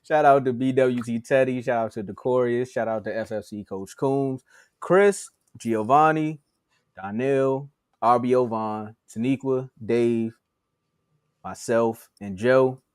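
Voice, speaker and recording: A man co-hosting a sports podcast, joking animatedly, laughing between lines and rattling off shout-outs to listeners. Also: mid-range voice, unhurried, clear, resonant tone, no echo, clean studio sound. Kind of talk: casual sports banter.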